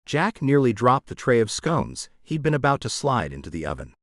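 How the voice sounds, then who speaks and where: Man reading a romcom audiobook, super animated delivery, dead dry sound. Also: mid-range voice, brisk, few pauses, no echo. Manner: expressive storytelling. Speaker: audiobook narrator. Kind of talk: scripted audiobook narration.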